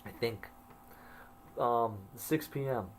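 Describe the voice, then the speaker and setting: A man's voice: medium pitch, slow, slight background noise, rough recording. A man telling his own story, reading his old journal entries aloud and adding wry asides. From Canada.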